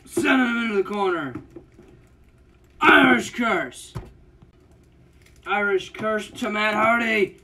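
A man calling a wrestling video game match play by play, shouting out moves and pin counts. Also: high voice, slow pace, long pauses, a little hiss or hum. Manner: shouts move names and counts, yelps at big hits. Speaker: channel owner commenting on wrestling matches. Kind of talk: excited play-by-play game commentary.

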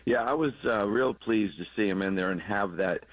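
A man with a very low voice, speaking as a former coach on a sports radio show. He explains game situations patiently and laughs lightly at his own quips. The sound is dry and a little dull, like lo-fi broadcast audio. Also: normal speed, dry recording. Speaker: former third base coach, radio guest analyst. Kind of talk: casual sports radio chat.

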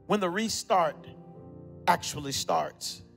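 A man preaching a sermon as pastor, emphatic, repeating phrases and dropping suddenly to a hush. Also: high voice, takes it slowly, gravelly, long reverb tail, soft background music. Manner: emphatic preaching with repetition and sudden drops to quiet.

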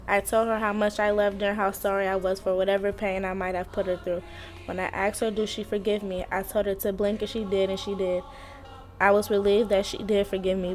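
Teenage girl reading a personal story. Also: medium pitch. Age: teens. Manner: steady, earnest reading. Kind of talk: read personal narration.

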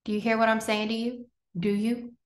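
A woman's voice: a little high, flat delivery, normal speed, close to an everyday voice. A woman voicing an earnest male schoolteacher who pleads urgently with a prisoner. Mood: pleading. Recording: roomy echo.

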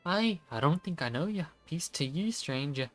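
A man doing a haughty high-voiced noblewoman. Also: animated, moderate pace, soft background music, lightly acted. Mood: prim. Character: haughty noblewoman of an ancient lineage. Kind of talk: voicing game characters aloud.

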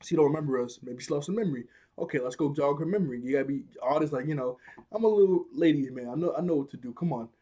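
A young man casually recapping and reviewing a cartoon episode, animated and slangy, laughing often as he retells scenes. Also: on the high side, racing.

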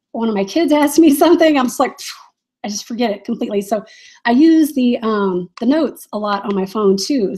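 A woman's voice: a little high, mellow. A woman hosting a casual live stream as a reseller, answering viewers' chat questions in a chatty, rambling way with frequent laughs and fillers.

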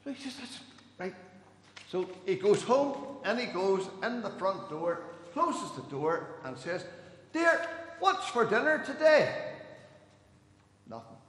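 A man, a church elder telling jokes at a gathering and raising his voice for each character. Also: unhurried. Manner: animated storyteller, raises pitch for quoted voices. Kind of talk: after-dinner joke telling. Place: church hall. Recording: echoey hall, some noise.

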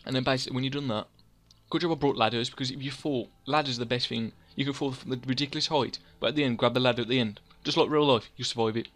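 A young man chats through a building game at an ordinary middle pitch. He rambles from one thought to the next, teases himself and answers his own questions. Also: steady tone, very fast, fairly bright tone. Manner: rambling, self-mocking, talks to himself by name. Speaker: let's play host. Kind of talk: casual gameplay commentary.

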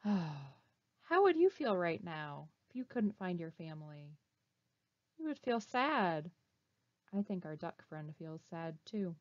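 Woman librarian, storytime reader, unhurried and expressive, quizzes the kids, dull dry recording. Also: lowish voice, dry recording. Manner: animated, asks children questions. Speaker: children's librarian. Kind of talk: reading a picture book aloud. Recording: dull, slightly muffled recording.

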